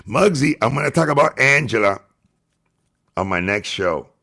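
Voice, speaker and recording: Gravelly, taunting livestream host man. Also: extremely low pitch, sharp tone. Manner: taunting, profane, insulting. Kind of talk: ranting livestream talk.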